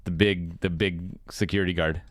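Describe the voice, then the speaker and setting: A man's voice: sits low, steady tone, moderate pace, slight background noise. A man co-hosting a casual podcast, chatty and rambling, laughing often and swearing casually. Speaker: podcast co-host. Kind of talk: casual chat.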